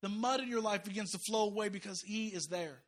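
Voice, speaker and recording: A man preaching an impassioned, folksy sermon, rising to loud urgent peaks and dropping to quiet asides. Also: sits high, fairly quick. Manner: folksy, uses y'all and slang. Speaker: guest preacher.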